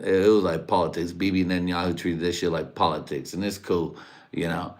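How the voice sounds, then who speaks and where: A man with a very low, deep voice rambles through a casual livestream rant. His talk is loose, crude and profane, and he keeps chuckling at his own jokes. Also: fairly even intonation, moderate pace. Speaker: livestream host.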